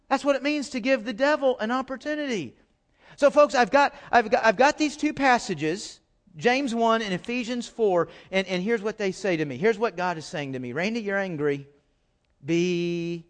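A middle-aged pastor delivers his sermon expressively at a normal pace. He lurches from forceful outbursts to hushed, low asides and keeps repeating words for emphasis.

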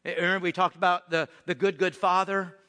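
A man preaching a sermon in a lively, conversational way, often repeating words as he restarts his sentences. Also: high-pitched, brisk. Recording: echoey hall with long reverb.

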